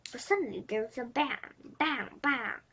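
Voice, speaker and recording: Woman reading a kids story, vietnamese accent, slow, high and sing-song, trips over words sometimes. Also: sharp tone, a little hiss or hum. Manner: careful, with small slips and restarts. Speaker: reader. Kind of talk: reading a children's storybook aloud.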